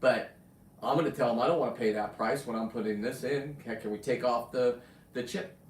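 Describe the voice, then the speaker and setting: A man's voice: mid-range voice, brisk. A man hosting a casual live stream, chatty and rambling, with restarts and friendly asides. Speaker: livestream host, spearfisher and taxidermist. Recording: roomy room, mic at a distance.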